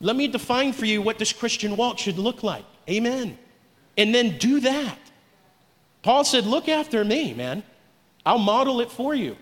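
A man's voice: very high voice, very animated, measured pace, in a large hall. A man preaching a sermon to a congregation in a church, urging call-and-response from the pews. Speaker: pastor. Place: church sanctuary.

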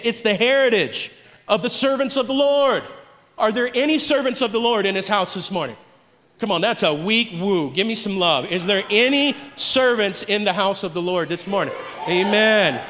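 In a church sanctuary, a male pastor preaches to his congregation and urges call-and-response from the pews. His high voice sounds pushed and bright, echoing in a large hall.

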